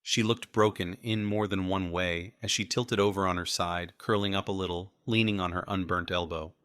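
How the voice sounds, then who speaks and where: A male narrator reads an audiobook in the first person. He tells the story at a measured, even pace. His voice is deep with a bright, forceful edge, and the sound is close and dry. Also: smooth, no room sound.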